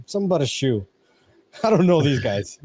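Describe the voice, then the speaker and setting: A man's voice: a little high, big pitch swings, brisk, a little mellow. A man co-hosting a casual live-streamed podcast, talkative and often ending his points with a question for agreement. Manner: talkative, ends points with "right?". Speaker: podcast co-host.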